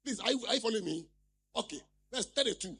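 A man's voice: high-pitched, lively intonation, fast, pushed and bright, a little hiss or hum. A man preaching a sermon, reading scripture aloud and repeatedly asking the congregation questions. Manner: reads scripture aloud and explains it.

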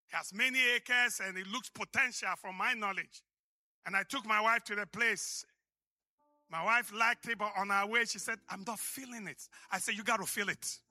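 A man with an African accent preaching a sermon as pastor, emphatic and rising to shouts. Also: high voice, no echo.

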